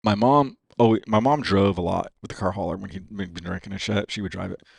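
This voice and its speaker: A man in his fifties, a racer from California, telling stories on a podcast in a profane, animated way and saying "dude" all the time. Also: sits low, brisk, vocal fry, husky, dry recording. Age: 50s. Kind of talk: casual storytelling.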